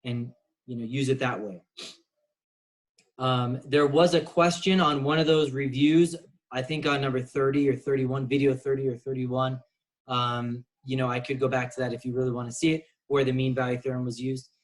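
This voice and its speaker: A man's voice: mid-range voice, steady tone, moderate pace, poor audio. A man teaching a recorded calculus lesson, explaining casually with many fillers. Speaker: math teacher.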